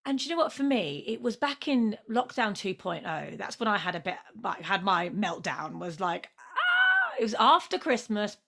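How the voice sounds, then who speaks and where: A woman of middle years hosts a relaxed conversation, her voice sitting in an ordinary middle range. She tells her own story with warmth at her own expense, and a laugh slips in often. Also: mid-range voice, moderate pace, gravelly, few pauses. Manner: chatty, self-deprecating, laughs often. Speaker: podcast host and coach. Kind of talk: casual conversation.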